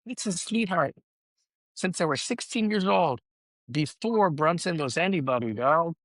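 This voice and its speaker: A man's voice: fairly high pitch, a bit bright, no echo. A middle-aged man hosting a solo podcast, ranting emotionally, swearing and saying "bro" in nearly every sentence as he rambles and restarts. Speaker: podcast host.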